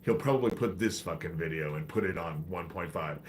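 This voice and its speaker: A man's voice: low-pitched, fairly quick, hardly any pauses. A man hosting a livestream, ranting in a profane, exasperated, preachy way while he has a head cold. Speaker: livestream host.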